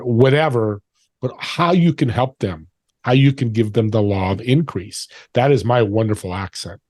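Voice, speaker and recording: 男性のゲスト、乾いた音の語り. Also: male voice, medium pitch, dry recording. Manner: animated storyteller, acts out quoted voices. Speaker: podcast guest. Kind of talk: storytelling interview talk.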